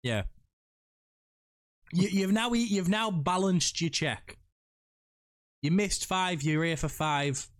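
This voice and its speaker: A man's voice: sits high, slow, long pauses. A man hosting a casual gaming podcast, joking around and swearing freely, talking through a blocked nose. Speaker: podcast host.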